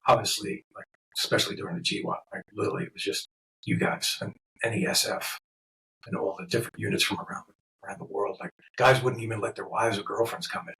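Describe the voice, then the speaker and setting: A man's voice: lowish voice, fast, gravelly, rough recording. A man with a New York accent, a tattoo artist guest swearing freely and laughing as he tells stories. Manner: profane, laughing, animated storyteller. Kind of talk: casual storytelling.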